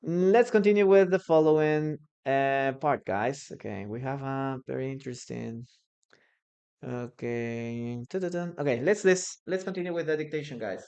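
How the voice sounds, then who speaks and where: A man whose first language is Spanish, with a Peruvian Spanish accent, teaching English in a live online lesson. He talks loosely, with many fillers and restarts, and repeats phrases slowly when dictating. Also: medium pitch, darkish tone.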